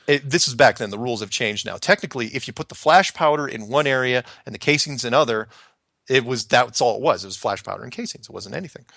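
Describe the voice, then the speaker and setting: A middle-aged man casually telling a story from his past, animated and acting out other people's lines. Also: mid-range voice, fast, gravelly, no room sound. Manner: animated, acts out quoted voices, laughs often.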